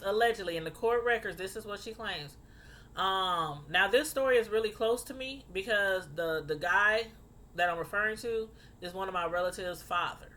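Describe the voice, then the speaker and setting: Bright-voiced woman telling a true crime story. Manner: animated, outraged, rising high when indignant. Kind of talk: casual storytelling commentary.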